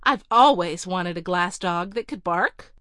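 A woman reading a storybook voicing a spoiled, demanding rich young lady who speaks high and excited. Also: a little slow, no echo, clean studio sound.

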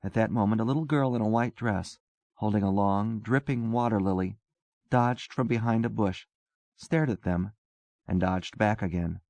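A man narrating a literary story in a calm, measured way. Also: lowish voice, gravelly, dry recording. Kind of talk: scripted narration.

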